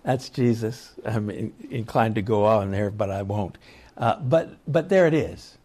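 A man teaching a Bible study, retelling scripture stories in a slow, reflective way and reading passages aloud. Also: lowish voice, a little mellow. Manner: slow, reflective storytelling with chuckles.

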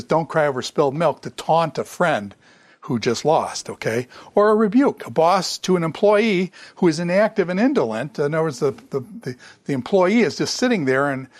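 A man's voice: medium pitch, no echo. A middle-aged man giving a conversational lecture, repeating his phrases and often checking in with "okay?". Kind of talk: classroom lecture.

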